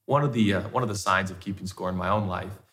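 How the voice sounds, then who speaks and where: A man's voice: low-pitched, fast, fairly bright tone. A male pastor preaching a conversational sermon, firing off repeated rhetorical questions.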